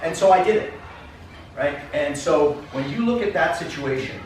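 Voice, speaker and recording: A man's voice: a little high, lively intonation, moderate pace, soft background music. Distant man lecturing in an echoey room. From Canada. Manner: storytelling, acts out dialogue, addresses audience directly. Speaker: keynote speaker, soccer coach. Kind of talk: conference talk with anecdotes. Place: conference classroom.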